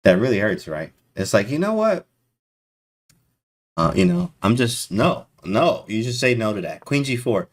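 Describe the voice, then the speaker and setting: A man commentating chess live to his stream chat, excitable and disbelieving, talking in casual slang. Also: lowish voice, measured pace.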